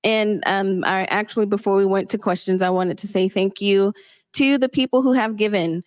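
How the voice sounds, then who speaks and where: Woman, co-host, polite, reads questions, mid pitch, dry sound. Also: fairly even intonation, normal speed, no echo. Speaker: co-host reading viewer questions. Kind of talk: live stream Q&A.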